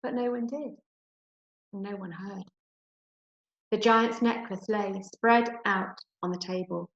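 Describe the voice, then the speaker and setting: A teacher with an English accent reads a story aloud to her class, then talks it through in a gentle, encouraging way. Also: mid-range voice, fairly even intonation, a little slow. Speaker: primary school teacher. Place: home room. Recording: roomy, dull home recording.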